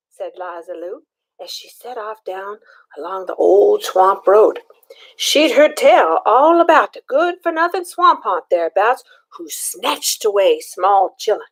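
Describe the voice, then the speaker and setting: An older woman reading a picture book aloud to children, animated and stopping to ask them questions. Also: medium pitch, slow pace. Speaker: storyteller.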